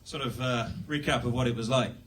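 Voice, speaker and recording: A man's voice: medium pitch, a little fast, fairly bright tone, far from the mic. A young British man doing a rambling, self-deprecating stand-up set at a comedy club. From Britain.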